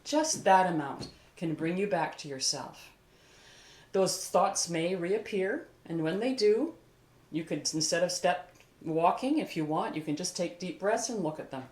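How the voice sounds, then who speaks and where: An older woman, a vocal coach, giving a calm, encouraging singing lesson on video and talking through an exercise as she moves. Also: on the low side, measured pace. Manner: calm, encouraging, demonstrates while moving. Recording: echoey room.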